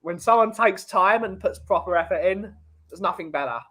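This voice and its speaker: A man's voice: high-pitched, moderate pace, sharp tone, slightly rough. A man hosting a casual podcast chat, rambling and joking as he talks. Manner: chatty, rambling, jokey. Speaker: podcast host.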